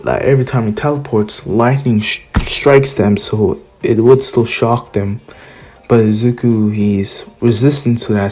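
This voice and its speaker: A man slowly telling a homemade fan story, his voice slightly husky. He rambles, restarts sentences and strings events together loosely with easy fillers. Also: mid-range voice, a little mellow. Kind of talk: casual fan story narration.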